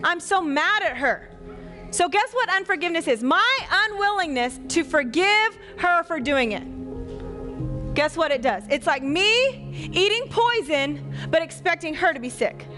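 A woman with a very high voice gives a live children's sermon in a church. She is lively and keeps asking the kids questions. Quiet music plays faintly behind her. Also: measured pace. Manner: animated, asks the kids questions and acts out quotes. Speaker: children's pastor. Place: church hall.

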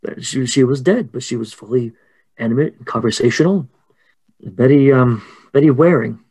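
A man's voice: medium pitch, darkish tone, slight background noise, close to an everyday voice. Man voicing a stammering, proper old doctor. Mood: confiding. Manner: halting, stammering and polite. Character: proper, well-kept older male doctor.

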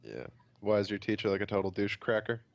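A man's voice: fairly low pitch, expressive, fast talker, vocal fry, muffled recording. Laid-back young man on a call. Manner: laid-back, stumbling over words, swears casually. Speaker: podcast host. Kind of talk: casual chat over a voice call. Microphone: computer mic on a voice call.

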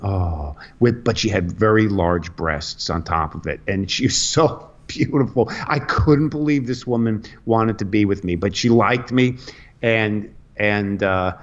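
A male comedian telling rambling anecdotes full of restarts and sudden pitch jumps, as a radio guest. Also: slow pace. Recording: lo-fi radio studio audio.

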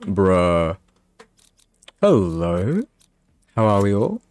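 Slow-talking low-voiced male streamer. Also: sing-song, a little mellow, a little hiss or hum. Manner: rambling, apologetic, chatty with viewers. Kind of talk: casual live-stream chat.

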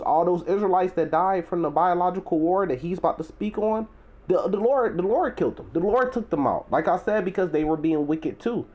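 This bible teacher has a somewhat high voice with a darkish tone. His lesson is emphatic yet chatty, full of "you know" and "right?", and it rises at points into forceful, preacher-style emphasis.

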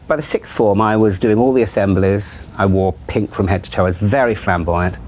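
Frank well-spoken man, low voice. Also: quick pace, few pauses, a little mellow, a little hiss or hum. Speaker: TV channel executive in a therapy session. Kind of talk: candid conversation.

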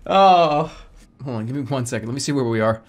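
Animated, exasperated male streamer. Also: mid-range voice, brisk. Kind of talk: live game streaming rant.

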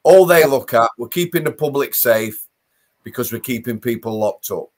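A man's voice: mid-range voice, normal speed. A man hosting an interview, a former prison officer talking in a blunt, emphatic way. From England. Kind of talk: casual interview chat.

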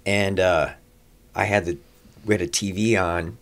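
Deep-voiced man telling long anecdotes. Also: steady tone, measured pace, a bit bright. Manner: long anecdotes with frequent "uh" fillers and restarts; swears casually. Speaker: restaurateur guest. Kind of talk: personal storytelling in conversation.

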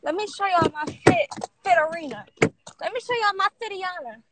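A young woman filming a prank vlog on her phone outdoors, talking loudly and playfully over her friends. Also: very high-pitched, animated, moderate pace, heavy background noise. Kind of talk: excited casual vlog chatter. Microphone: phone camera.

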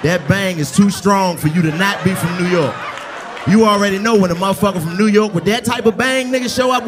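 Brash, yelling stand-up comic with a crowd roaring. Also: male voice, high voice, brisk. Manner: brash, loud, often yelling and cursing. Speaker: stand-up comedian. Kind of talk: crowd-work stand-up roast. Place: live comedy club ballroom. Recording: live club with crowd noise.

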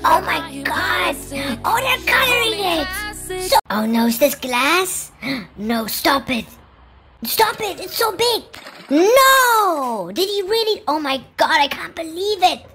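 Very high-pitched, excitable reaction host. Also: slow. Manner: gasping, exclaiming and giggling at clips; rhyming nonsense words. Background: music from the clips.

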